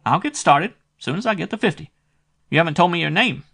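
A man voicing a shrill, haggling male private detective over a phone call in an audiobook. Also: lively intonation, fairly quick, gravelly, pushed and bright, slightly rough, exaggerated voice.

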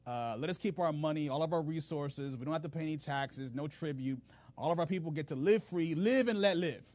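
A man voicing a cocky, smooth-talking enemy king who bargains in casual street slang. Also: a little high, fairly quick, darkish tone, dry recording, close to an everyday voice. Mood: smooth bargaining.

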